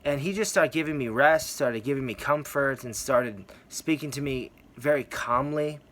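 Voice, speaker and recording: A man's voice: medium pitch, moderate pace, a bit bright. Earnest man sharing a rambling testimony. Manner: earnest, rambling, repeats phrases for emphasis. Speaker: Christian testimony vlogger. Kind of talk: personal testimony.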